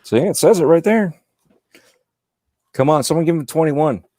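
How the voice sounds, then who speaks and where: A man's voice: a little high, lively intonation, moderate pace, dark tone, no room sound, clean studio sound. Rambling man chatting on a podcast. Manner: rambling, repeats words, lots of "you know". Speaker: podcast guest. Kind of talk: casual chat.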